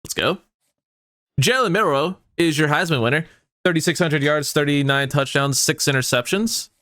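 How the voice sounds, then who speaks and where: A man commenting on his own football video game dynasty, excitable and swearing often as his mood swings between hype and outrage. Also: fairly high pitch, moderate pace, dry recording, clean studio sound. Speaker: gaming YouTuber. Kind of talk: let's play commentary.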